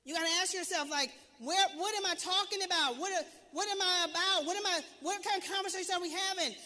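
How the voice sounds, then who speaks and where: A woman's voice: very high-pitched, fast talker, bright, forceful tone, in a large hall. A woman coach giving a motivational talk to an audience, emphatic and preachy, firing off repeated questions. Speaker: business and wealth coach.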